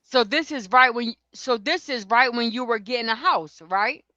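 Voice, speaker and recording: A woman co-hosting a livestream who reads a court transcript aloud as the questioning lawyer, in a brisk clipped way, and chats casually between readings. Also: on the high side, sharp tone, no echo, lo-fi sound. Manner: questions in a brisk clipped way, each ending with "right?". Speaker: livestream co-host.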